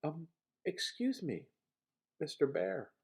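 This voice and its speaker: A man voicing a timid female sheep in a storybook reading, speaking softly and hesitantly. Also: fairly high pitch, big pitch swings, slow, creaky, heavily acted. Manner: soft and hesitant.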